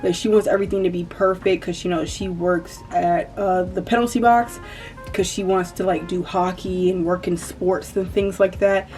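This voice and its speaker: This YouTuber has a fairly low, darkish voice with little pitch movement, speaking at a moderate pace with a slight Southern country accent. In her casual commentary vlog she rambles to camera and keeps correcting herself. She's recorded from a distance, somewhat off-mic, with faint background music.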